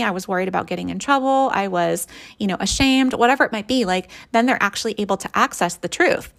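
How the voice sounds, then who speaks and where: A woman coach talking casually on a podcast, checking in with the listener often and acting out quoted thoughts. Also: medium pitch. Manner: conversational, often checks in with "right?" and "okay?". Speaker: keto and mindset coach, podcast host.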